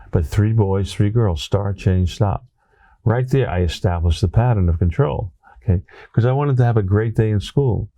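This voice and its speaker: Guesting on an interview, a man with a Brooklyn accent recalls a story from his teaching days, animated and tagging lines with "right?". His pitch is fairly low, his pace moderate, and there's no echo.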